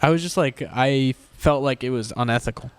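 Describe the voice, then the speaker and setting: A man's voice: mid-range voice, brisk, smooth. A young man co-hosting a casual comedy show, rambling and laughing often. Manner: rambling, giggly, meandering. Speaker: co-host.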